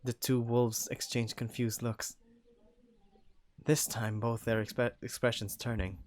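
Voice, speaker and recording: A young man reading a first-person story aloud in an animated, jokey way, voicing the characters. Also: medium pitch, slow. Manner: animated, jokey asides and laughs between lines. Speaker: story narrator.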